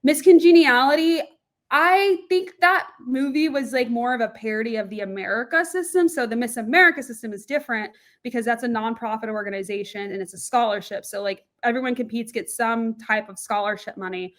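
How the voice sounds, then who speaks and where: A young woman from Florida, chatting as a guest in a casual interview, quick and animated with frequent laughs and a plain general American voice. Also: on the high side. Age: young adult. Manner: lively, quick, laughs often, animated asides.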